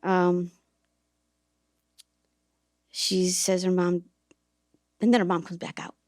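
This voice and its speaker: A woman's voice: lowish voice, little pitch movement, slow pace, a little mellow, no echo, clean studio sound. A woman hosting a podcast, telling a personal story in a reflective, earnest way, with hesitations and restarts. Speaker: podcast host and author.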